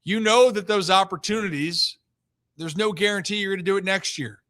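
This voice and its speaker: A man's voice: sits high, bright, forceful tone, dry recording, clean studio sound. A man hosting a sports talk show, giving emphatic opinions in casual chat. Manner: opinionated, emphatic, drawn-out stresses.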